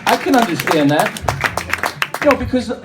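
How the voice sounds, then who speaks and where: A man's voice: high voice, sing-song, moderate pace, a loud crowd. A middle-aged man doing chatty, punchy stand-up comedy on a club stage. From New Jersey. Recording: echoey club from far off with noise.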